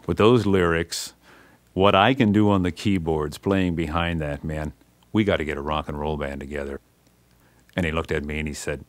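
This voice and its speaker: Middle-aged male spoken-word storyteller, very low voice, dry close recording. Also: a little fast, no room sound. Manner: animated, acts out dialogue with big pitch jumps, says "man" often. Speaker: musician telling his story.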